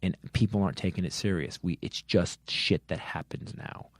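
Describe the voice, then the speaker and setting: A man's voice: deep voice, moderate pace, dry recording. A middle-aged man hosting a comedy podcast, swearing as he rants earnestly with many restarts. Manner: swears heavily, earnest angry rant with restarts. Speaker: podcast host. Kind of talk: comedy podcast chat and rant.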